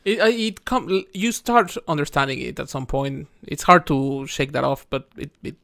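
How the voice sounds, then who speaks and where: A man from Mexico co-hosting a podcast in relaxed, frank and slangy casual chat. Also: fairly high pitch, normal speed, creaky. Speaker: podcast co-host.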